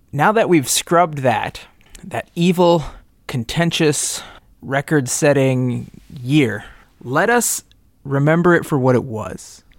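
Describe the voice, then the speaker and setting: A man's voice: medium pitch, gravelly, dry recording, studio quality. A man co-hosting a casual podcast chat, dropping wry quips and the odd mock-grand speech. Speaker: podcast co-host.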